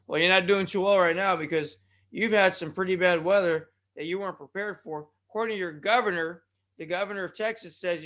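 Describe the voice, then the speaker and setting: A man with a high, bright and forceful voice hosts a solo wrestling podcast. He rambles from one aside to the next, joking at his own expense. He trips over his words and restarts his sentences as he goes. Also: fairly quick. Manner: joking, self-deprecating, rambling with tongue-tied restarts. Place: California.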